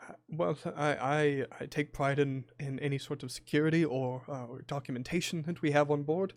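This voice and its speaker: A man's voice: a little high, steady tone, fairly quick, no room sound, studio quality, close to an everyday voice. A man voicing a formal, apologetic airship captain, speaking with many hesitations. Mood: reassuring. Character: apologetic middle-aged male airship captain. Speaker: game master.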